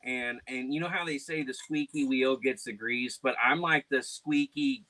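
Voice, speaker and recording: A man hosting a casual podcast chat, loud and animated, telling stories with silly voices. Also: mid-range voice, moderate pace, dry recording. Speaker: podcast host.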